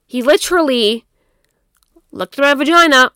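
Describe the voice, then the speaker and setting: High-pitched and pushed, bright, clear, and resonant, this young woman speaks at a moderate pace in a studio recording with no room sound. As a podcast host she's candid and profane, laughing over her wine while yawning with fatigue.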